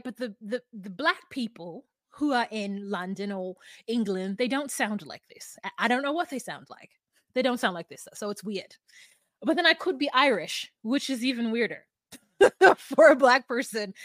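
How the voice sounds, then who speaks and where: A woman's voice: fairly high pitch, fairly bright tone, dry recording. A woman co-hosting a casual podcast chat, rambling and restarting her sentences with frequent laughs. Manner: rambling, self-interrupting, laughs often. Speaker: podcast co-host.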